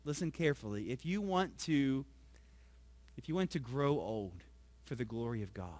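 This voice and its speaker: A male pastor preaching a sermon. He keeps asking the congregation questions, tags his points with "right?", and swings from soft, low asides to loud emphasis. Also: dry recording.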